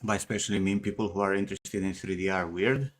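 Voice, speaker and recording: A man's voice: sits low, steady tone, fast, slight background noise. Teasing, foul-mouthed man. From Norway. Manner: teasing, swears freely, laughs often. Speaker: art mentor hosting a voice chat. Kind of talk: casual voice chat banter.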